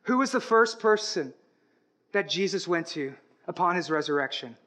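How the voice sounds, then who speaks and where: A male pastor delivers a dramatic sermon in a very high, bright voice. He drops to near-whispers for solemn moments and climbs to loud, ringing declarations. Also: lively intonation, normal speed. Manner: dramatic preaching, swings from hushed to loud.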